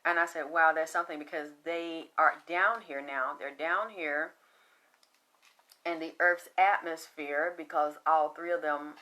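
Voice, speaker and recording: A woman from the American South with a flat Southern accent, hosting a casual spiritual reading in a chatty, profane, rambling way. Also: low-pitched, a little slow. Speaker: spiritual medium host.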